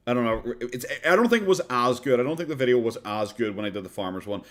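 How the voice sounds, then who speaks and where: A man's voice: medium pitch, expressive, quick pace. A man with an Irish accent giving casual, mocking commentary while watching a podcast, often laughing and rambling.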